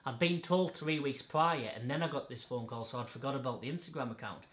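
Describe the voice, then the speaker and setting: A man's voice: mid-range voice, brisk, a bit bright. Blunt, sweary man, echoey room. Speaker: podcast host. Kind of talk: casual chat.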